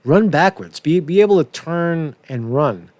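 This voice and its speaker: A man's voice: on the high side, lively intonation, unhurried, a little mellow, dry recording. A man hosting a casual political commentary show, rambling and profane with many restarts.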